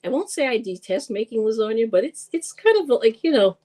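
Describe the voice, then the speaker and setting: A woman hosting a live-stream cooking show, chatting casually, laughing often and greeting viewers with excited squeals. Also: on the high side, fairly quick.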